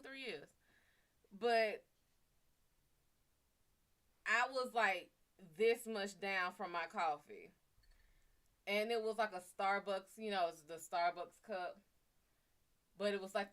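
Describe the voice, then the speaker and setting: A woman's voice: mid-range voice, bright, forceful tone. A woman hosting a livestream, telling a casual story in a chatty, profane way and talking to her viewers. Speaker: livestream host.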